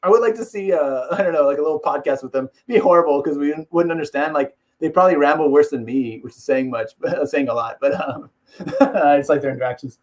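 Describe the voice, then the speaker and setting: Male host, casual rambling fight talk, a bit high-pitched, laughs a lot, slips into impressions. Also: fast talker. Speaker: MMA video host.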